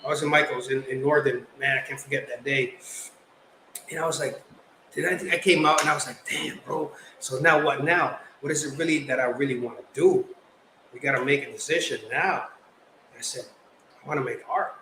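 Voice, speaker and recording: A young man from the Philippines, a guest artist telling stories in casual chat, animated and slangy. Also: mid-range voice, brisk. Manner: animated, slangy, acts out quotes. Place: podcast studio. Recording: roomy echo, faint background noise.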